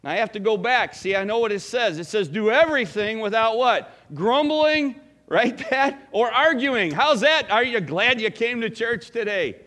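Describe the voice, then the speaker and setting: Folksy high-voiced male preacher. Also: expressive, normal speed, few pauses, sharp tone. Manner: conversational preaching, folksy asides and questions to the congregation. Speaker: pastor. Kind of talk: sermon.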